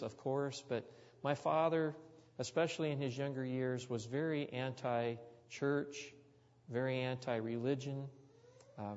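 A man preaching a sermon, telling a personal story in an earnest, reflective way with pauses and restarts. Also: mid-range voice, darkish tone. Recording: dull lo-fi sound in a reverberant hall.

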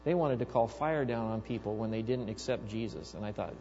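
A man preaching a sermon, telling stories with animated, acted-out quotes. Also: lowish voice, a little fast, in a large hall, lo-fi sound, soft background music. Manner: animated storytelling, acting out quoted voices. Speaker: pastor.

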